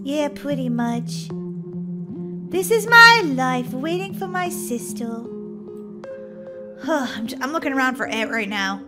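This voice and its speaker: A woman playing through a game roleplay as the slower little sister, whining and complaining. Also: high voice, sing-song. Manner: whiny, self-pitying complaining. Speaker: gaming roleplay channel voice of the younger sister. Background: game music.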